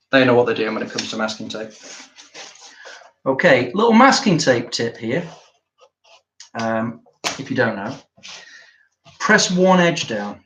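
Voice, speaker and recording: A man's voice: medium pitch, a bit bright. Man, artist talking as he works, dry humour; echoey studio room. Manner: chatty, wry, jokey asides. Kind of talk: casual talk while working. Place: art studio. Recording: roomy studio, faint noise.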